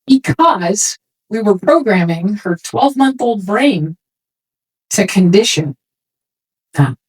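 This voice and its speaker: A woman speaking to a room of swimming parents in a casual, animated way, acting out quoted remarks as she goes. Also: mid-range voice, slow pace, slightly rough, rough recording. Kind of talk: talk to a parents' session.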